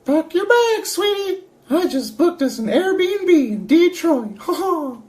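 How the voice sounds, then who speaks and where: Squeaky happy cartoon mouse, high falsetto, bouncy. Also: male voice, big pitch swings, takes it slowly, heavily acted. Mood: chirpy.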